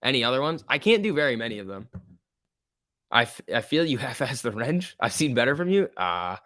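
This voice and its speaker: A man's voice: mid-range voice, very animated, brisk, sharp tone, no echo, clean studio sound. A man hosting a stock trading livestream, talking casually about the market and answering viewer questions in a loose, filler-heavy way. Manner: loose and chatty, with many fillers like "like" and "um"; reads viewer questions aloud and answers them. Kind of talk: casual live market commentary, answering chat.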